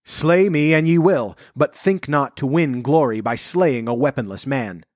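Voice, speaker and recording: A man's voice: medium pitch, a little slow, no echo, studio quality, lightly acted. A man voicing a loyal but deceived medieval knight in an audiobook reading, speaking archaic courtly lines earnestly. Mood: defiant. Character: loyal deceived knight, male, adult, remorseful.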